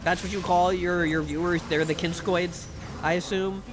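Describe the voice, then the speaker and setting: A man streaming live, chatting casually with his viewers in a rambling, profane way, with bursts of excited sing-song greetings. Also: sits high, moderate pace, background noise.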